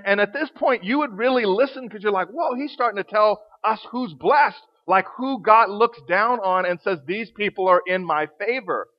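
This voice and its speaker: A man teaching from the Bible in a sermon, conversational and slowing down to stress key words. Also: sits high. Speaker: preacher. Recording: dull lo-fi recording.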